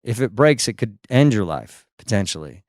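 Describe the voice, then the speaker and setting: A man's voice: lowish voice, very animated, moderate pace, darkish tone, dry recording, clean studio sound. A male stand-up comedian telling rambling, self-deprecating stories with lots of "uh" asides. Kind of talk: stand-up storytelling.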